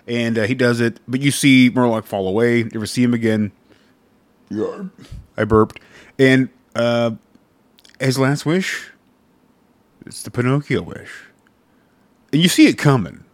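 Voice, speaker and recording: A man's voice: medium pitch, unhurried, pauses often, dry recording. A man co-hosting a podcast, chatting casually about a film, rambling with lots of fillers and restarts and casual swearing. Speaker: podcast co-host. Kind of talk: casual chat.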